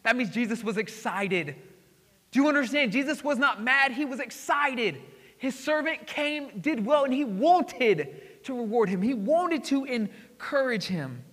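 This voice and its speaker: Excitable guy preaching, high bright voice, lots of hall echo, goes loud then hushed. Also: measured pace. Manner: excitable, swings between loud exclamations and hushed asides. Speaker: pastor. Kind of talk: sermon. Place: church sanctuary. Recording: hall reverb.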